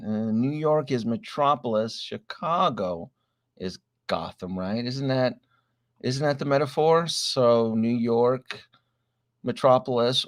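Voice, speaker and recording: A middle-aged man with a medium-pitched voice hosts a casual late-night livestream, recorded at studio quality with no room sound. Recovering from a chest cold, he's a little short of breath as he reads viewer names and greets them one by one with plenty of "uh"s.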